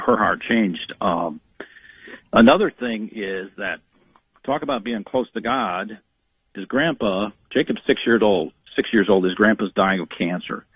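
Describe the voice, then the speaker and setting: A man's voice: lowish voice, breathy edge, dry recording. A man being interviewed on radio as an author, telling family stories earnestly, with many restarts and acted quotes. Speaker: author and guest. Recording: dry phone-line sound.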